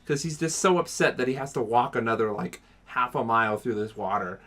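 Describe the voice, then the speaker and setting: A young man telling a long story on a podcast, rambling with restarts and acting out what others said. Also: a little fast. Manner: animated, acts out quotes in a higher voice; rambling with many restarts and fillers. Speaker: podcast co-host. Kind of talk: casual storytelling.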